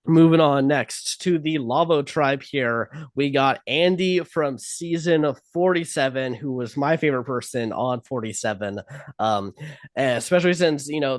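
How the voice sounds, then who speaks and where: A man's voice: a little high, no room sound. A man co-hosting a podcast in casual chat, talking loosely with many fillers. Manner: loose, filler-heavy talk. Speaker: podcast co-host.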